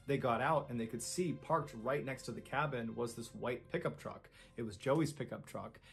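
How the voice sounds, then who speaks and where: A man tells a true-crime story with a gravelly, fry-edged voice at an ordinary pitch. He builds suspense as he goes and acts out what people said. Faint music plays underneath. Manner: dramatic, suspenseful retelling with quoted lines. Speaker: narrator.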